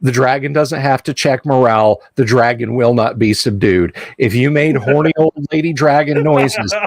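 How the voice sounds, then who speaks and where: Male host of a casual games livestream; animated raconteur, dry close mic. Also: medium pitch, normal speed, no room sound. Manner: animated storyteller, acts out quoted voices. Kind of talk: casual chat about tabletop games.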